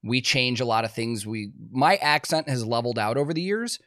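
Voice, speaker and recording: A man from Chicago hosts a podcast and chats in a loose, relaxed way. He fills his sentences with easy filler words as he talks. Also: medium pitch, fairly quick. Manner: relaxed, chatty, many fillers like "like". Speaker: podcast host. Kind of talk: casual podcast chat.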